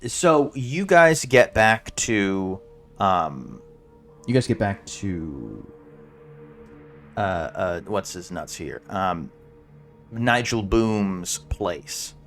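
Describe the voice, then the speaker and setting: Male tabletop game master; low, slow, halting narration. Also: lively intonation, a bit bright, faint music behind. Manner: halting, searching for words.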